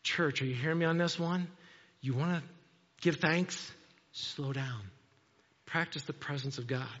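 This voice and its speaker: Man preaching a sermon in church; lively storyteller, dull lo-fi recording. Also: on the high side, measured pace, big-room sound. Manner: animated storytelling, repeats "okay?" often. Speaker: pastor.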